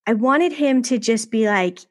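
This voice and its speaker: Podcast guest, woman, thirties, candid and chatty, a slightly high voice, talks over a remote call. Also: a little slow. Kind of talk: candid storytelling.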